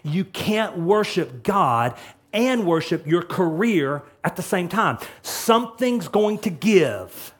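A man preaching a sermon as a pastor, emphatic, swinging between loud passages and quiet ones. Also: high voice, big pitch swings, slow pace, breathy edge.

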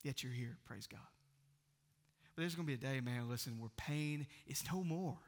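A man, preaching a sermon in a church and swinging from loud proclaiming to hushed near-whispers. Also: medium pitch, normal speed, in a large hall. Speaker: pastor.

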